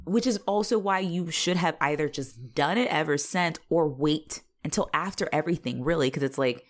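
A woman co-hosting a podcast, recapping a show in casual, animated chat full of fillers, swearing and laughter. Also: deep voice, normal speed. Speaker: podcast co-host.

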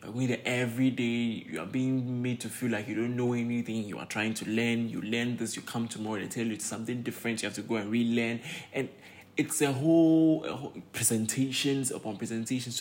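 A man's voice: mid-range voice, fairly even intonation, fairly quick, a little mellow. A young man with a Ghanaian accent, venting in a casual vlog, exasperated and repeating himself with many fillers. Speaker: pharmacy graduate vlogger.

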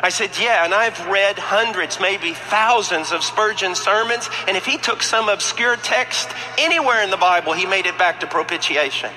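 A man's voice: high voice, normal speed, hardly any pauses, sharp tone. A man preaching a fervent sermon, rising to emphatic peaks, in a church sanctuary. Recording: long hall reverb, faint background noise.

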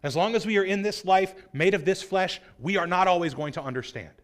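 A man delivers a sermon with a high-pitched voice. He speaks earnestly and builds emphasis as he drives each point home, often slipping into the voices of the people in his story. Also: brisk. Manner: earnest, acts out quoted voices, rising emphasis. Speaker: preacher.

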